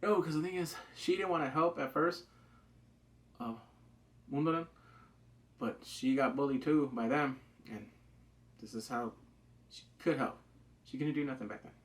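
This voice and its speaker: A man giving a rambling, excited recap of a TV show, full of fillers and loud acted-out yelps. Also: a little high, normal speed, long pauses. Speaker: show reviewer. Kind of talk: casual spoken recap.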